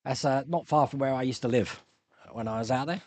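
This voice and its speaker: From his hobby room at home, a man runs a laid-back live stream, answering viewer questions, rambling and reading comments out loud. He has a mid-range voice and talks a little fast, recorded dry.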